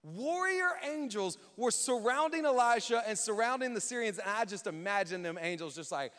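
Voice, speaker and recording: A man preaching a sermon in a lively, conversational way, acting out quotes and joking with the church. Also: high-pitched, moderate pace. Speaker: pastor. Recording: reverberant hall.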